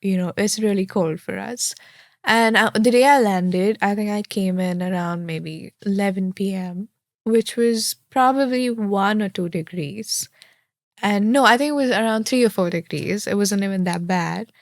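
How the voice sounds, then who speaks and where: A woman's voice: mid-range voice, moderate pace, dry recording. Young woman from India, candid, chatty, dry close sound. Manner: chatty and candid, acts out quoted thoughts. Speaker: interviewee, law graduate. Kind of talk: casual interview answers.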